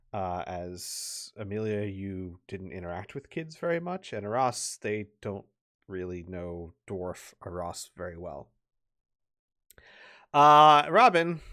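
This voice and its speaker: A man narrating as game master for a tabletop game, relaxed and chatty, with many fillers and laughs. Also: fairly low pitch, clear, resonant tone.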